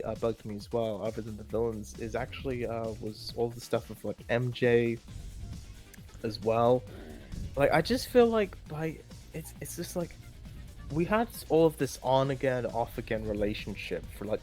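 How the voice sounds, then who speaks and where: A man with a medium-pitched, darkish voice co-hosts a film ranking, chatting casually with strong opinions. He rambles, restarts often, and uses many fillers.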